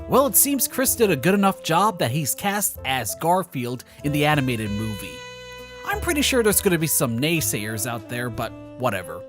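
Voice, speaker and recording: A male commentator reading a scripted video essay, his pitch swinging widely as he talks. He slips in sarcastic, mocking jabs, and faint music sits under his voice. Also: sing-song, normal speed, a bit bright.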